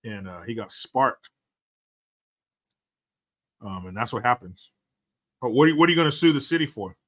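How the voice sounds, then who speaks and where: Brash, bright-voiced male streamer. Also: medium pitch, lively intonation, moderate pace. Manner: profane, joking and blunt. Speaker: livestream host. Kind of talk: casual livestream chat reading donations.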